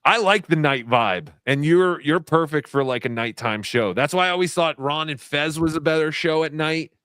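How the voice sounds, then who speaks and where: A man's voice: fairly high pitch, expressive, moderate pace, fairly bright tone, clear, resonant tone, no room sound, clean studio sound. A man hosting a casual livestream chat, loose and laughing, swearing freely. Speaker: livestream show host.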